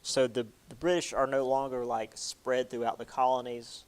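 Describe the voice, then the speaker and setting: A man's voice: mid-range voice, flat delivery, normal speed, clean tone. A man giving a casual history lecture, chatty, with many fillers and playful quoted asides.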